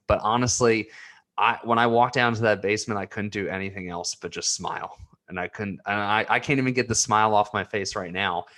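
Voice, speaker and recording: A man's voice: fairly low pitch, a bit bright. A man in his twenties rambling earnestly in a personal vlog, getting emotional as he talks. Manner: emotional, earnest, repeats himself. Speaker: vlogger.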